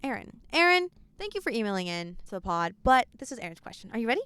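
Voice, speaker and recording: A teenage girl hosting a podcast, telling stories in a quick, animated, laughing way. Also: a little high, clear, resonant tone, dry recording. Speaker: podcast host. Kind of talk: casual chat.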